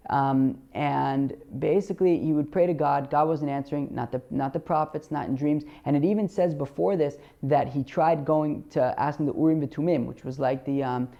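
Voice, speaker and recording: A man hosting a podcast lesson on the Talmud, reading Hebrew and Aramaic phrases and translating them in a halting, casual way full of fillers and restarts. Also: a little high, gravelly, lo-fi sound. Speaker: podcast host teaching Talmud.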